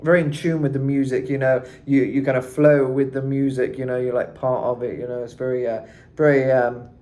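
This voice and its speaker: A man's voice: mid-range voice, level tone, fairly quick, mellow. A man teaching singing in a loose, rambling way, full of "you know" and "kind of". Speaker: vocal coach. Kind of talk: casual singing tutorial.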